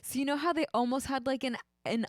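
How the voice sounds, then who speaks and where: A woman's voice: high-pitched, fast talker, no echo, studio quality. A young adult woman from Boston, co-hosting a casual stream and reading from the chat in an upbeat way. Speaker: co-host of a music duo's stream.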